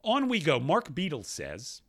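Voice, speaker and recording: A man in his thirties, a podcast co-host who talks fast and reads listener emails aloud with quick jokes. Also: a little high, huge pitch swings, no room sound. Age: 30s. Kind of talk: casual podcast chat.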